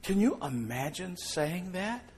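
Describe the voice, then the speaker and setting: A middle-aged man preaches in a lively, conversational way, his voice sitting a little high for a man. He drops to quiet, reflective stretches, then bursts out loudly. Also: takes it slowly, a little hiss or hum. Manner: animated, conversational preaching with sudden loud outbursts. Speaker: pastor. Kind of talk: sermon.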